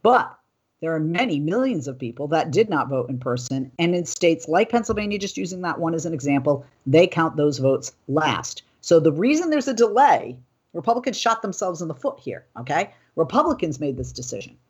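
A woman hosting a news commentary show, reading political quotes and then riffing on them in an animated, indignant way. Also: deep voice, brisk, breathy edge, muffled recording. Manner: animated, indignant, talking off script. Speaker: host.

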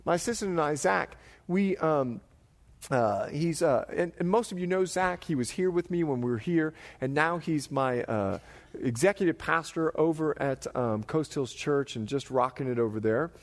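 A middle-aged man preaching a sermon, animated and jokey, slipping into voices as he tells stories. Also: a little high, moderate pace, in a large hall. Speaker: pastor.

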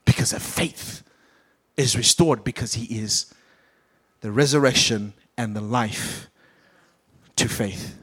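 A man's voice: mid-range voice, slow, long pauses, a bit bright, slightly rough. A man preaching a sermon with a British accent, acting out the Bible characters as he goes. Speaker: pastor.

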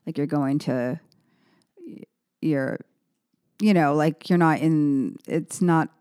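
Woman musician guest, low voice, rambling casual chat, dry close sound. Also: slow pace, warm tone, clean tone, no room sound. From San Francisco Bay Area. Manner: rambling, self-correcting, laughs easily.

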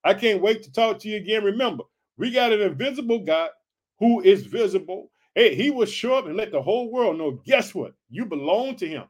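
High-voiced energetic man preaching. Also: fairly quick. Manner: energetic, calls out to listeners as family. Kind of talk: informal sermon reading scripture.

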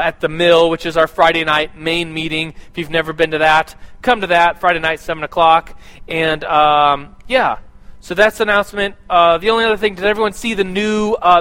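A man's voice: high-pitched, fairly bright tone, poor audio. A man giving a casual, conversational sermon and church announcements, with a lot of fillers and restarts.

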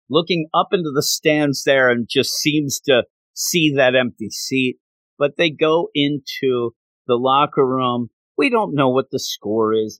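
A man casually retelling a story in an animated way with joking asides. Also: medium pitch, no echo.

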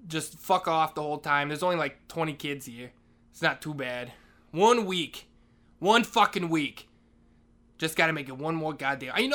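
A man's voice: a little high, sharp tone. A man performing a comedic monologue as a school janitor, grumbling through a weary, profane rant. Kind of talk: comedic character monologue podcast.

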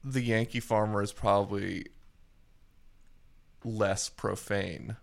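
A man with a low, gravelly voice riffing wryly in casual podcast chat. He tosses out playful ideas in a relaxed, offhand way, full of vocal fry. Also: takes it slowly. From US South, Baltimore area.

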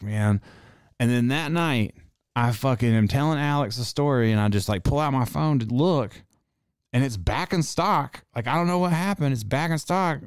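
A man who runs a tattoo shop, hosting a casual monologue and telling a story in a profane, animated way. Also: mid-range voice, clean tone, dry recording, clean studio sound. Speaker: podcast host.

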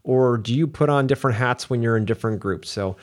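A man's voice: mid-range voice, fast. A man hosting a podcast in casual chat, easygoing and reflective, often laughing. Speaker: podcast host.

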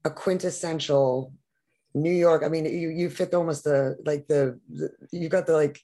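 A woman on a podcast as a guest, chiming in with quick, chatty remarks. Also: low voice, steady tone, mellow. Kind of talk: casual conversation.

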